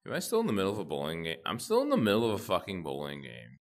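A young man talks through his gameplay and swears freely, reacting to every moment. His voice sits very low, but it swoops widely up and down as he gets worked up. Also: very fast. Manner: profane, excitable, talks to himself while playing. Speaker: gamer channel host. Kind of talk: gameplay commentary.

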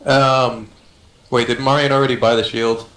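A man's voice: mid-range voice, flat delivery, moderate pace, a bit bright. A man playing a tabletop game, hesitant with ums, reading his spell's rules aloud to the group. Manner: hesitant, many ums, reads out spell text. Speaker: player. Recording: roomy echo.

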